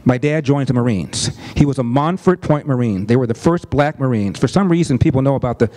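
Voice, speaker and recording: A middle-aged man telling a family story as a commentator, earnest and deliberate, stressing points with repetition. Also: medium pitch, dark tone. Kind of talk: storytelling speech.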